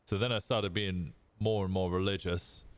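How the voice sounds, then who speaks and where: A man's voice: low-pitched, fairly even intonation, normal speed, dry recording. A young man with an English accent chatting casually on a live stream while gaming, rambling and self-mocking, breaking into laughs and the odd curse.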